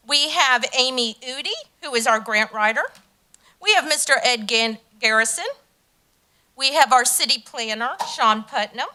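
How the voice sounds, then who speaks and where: A woman with a bright, ringing voice pitched a little high, speaking at a county council meeting. She talks with warm enthusiasm and fills her pauses with ums. Her voice turns emotional easily. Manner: enthusiastic, many filler ums, gets emotional. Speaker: community delegation leader. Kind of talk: speech at a public council meeting.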